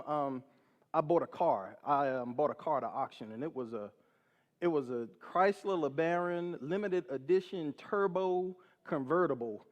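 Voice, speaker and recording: A man in his forties telling a personal story on stage in an animated way, laughing at his own tale. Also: a little high, muffled recording. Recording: long hall reverb.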